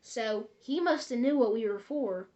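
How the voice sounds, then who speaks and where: Woman, casual storytelling, rambling, corrects herself, fairly high voice. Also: animated, unhurried, warm tone, dull audio.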